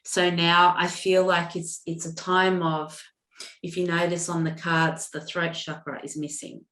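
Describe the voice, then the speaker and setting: A woman doing a live intuitive card reading, with a soft, halting way of talking, full of fillers and restarts, and moved to emotion. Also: lowish voice, flat delivery, reverberant. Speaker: intuitive reader.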